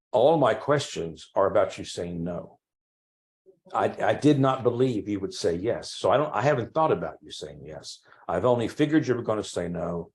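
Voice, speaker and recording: An older man from Texas, a priest, telling his life story in an oral history interview and acting out old conversations with lively, halting speech. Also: medium pitch. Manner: animated storytelling, acts out remembered dialogue; frequent restarts and ums.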